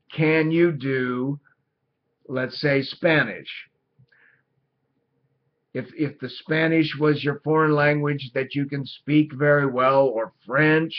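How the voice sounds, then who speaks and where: A middle-aged man teaching as an acting coach, talking casually and deliberately, repeating himself to drive a point home. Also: on the high side. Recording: dull lo-fi sound.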